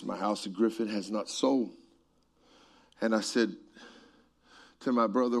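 A middle-aged man preaching a sermon and telling stories, moving between quiet passages and shouted peaks. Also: lowish voice, moderate pace, long pauses. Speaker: pastor. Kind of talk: sermon storytelling.

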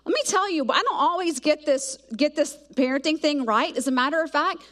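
A middle-aged woman from South Georgia, preaching a sermon full of animated personal stories. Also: sits high, a little fast. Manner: animated storytelling, acts out voices of herself and kids.

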